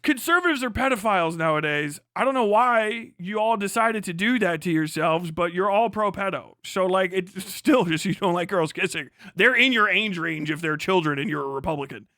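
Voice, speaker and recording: A man's voice: high-pitched, animated, normal speed, hardly any pauses, pushed and bright, no room sound, clean studio sound. A man streaming live, talking casually and animatedly with frequent swearing and laughter.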